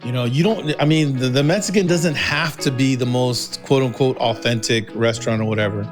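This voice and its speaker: A man's voice: mid-range voice, a little fast, music in the background. A man joining a podcast as a caller, giving his views in an earnest, opinionated way. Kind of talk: casual podcast chat.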